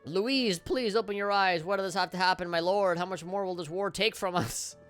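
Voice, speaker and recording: A man's voice: sits high, brisk, a bit bright, clean tone, faint music behind, voice pushed up. A man voicing a distraught grieving townsman who pleads in an overwrought way. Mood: pleading.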